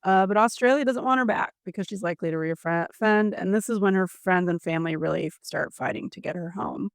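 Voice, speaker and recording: A woman's voice: medium pitch, brisk, dry recording, clean studio sound. A woman co-hosting a podcast, chatting and recapping a story with sympathy. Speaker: podcast co-host. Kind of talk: casual chat.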